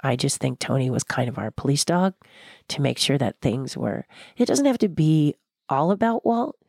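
An older woman being interviewed, talking in a passionate, blunt and animated way. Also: a bass voice, moderate pace, vocal fry, no room sound, clean studio sound. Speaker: guest, former theme park designer. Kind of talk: candid interview conversation.

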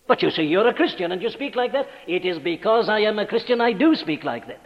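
Old dull-sounding church recording, man preaching, high voice, big echo, gets really emphatic. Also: animated, a little fast, hardly any pauses. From Wales. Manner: emphatic, rising to forceful declarations. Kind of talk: sermon. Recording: dull archival recording in a large reverberant church.

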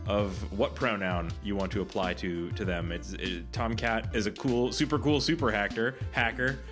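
A man's voice: on the low side, moderate pace, fairly bright tone, soft background music. Easygoing Southern man on a podcast. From American South, Texas. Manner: easygoing, stammering starts. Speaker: podcast co-host. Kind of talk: casual podcast discussion.

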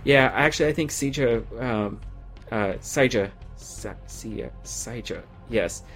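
A man's voice: fairly low pitch, a little slow, a bit bright. A man in casual chat on a gaming podcast, rambling along and laughing easily. His voice is starting to give out, and faint music sits underneath. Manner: rambling, chatty, laughs often. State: losing his voice. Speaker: podcast co-host.

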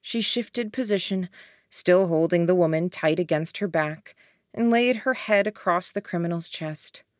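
A woman reads an audiobook in an even, measured way. Her voice sits on the low side and she takes her time. The recording is close and dry. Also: dry recording. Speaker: audiobook narrator. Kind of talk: scripted narration.

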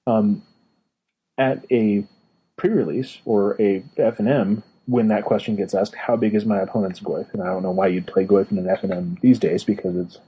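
A man's voice: fairly low pitch, steady tone, moderate pace, mellow, slightly rough, muffled recording. A man co-hosting a casual podcast, explaining game rules with many fillers and restarts. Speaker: podcast co-host, card game judge. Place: Northern California.

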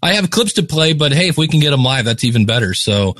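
A man's voice: a little high, lively intonation, fast, a bit bright, no room sound, clean studio sound. A man hosting a live podcast broadcast, upbeat, reading sponsor thanks in an announcer-style radio voice through a heavily compressed mic. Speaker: host.

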